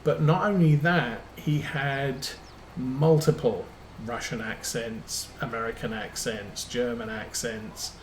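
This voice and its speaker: A man chats slowly and unhurriedly while streaming a farming game, drifting from one anecdote to the next with plenty of ums. His voice sits at an ordinary pitch, and the room around him is roomy and echoey with a faint hiss underneath. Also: steady tone. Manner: rambling anecdotes with many ums. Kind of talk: casual chat while playing a farming game. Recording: roomy echo.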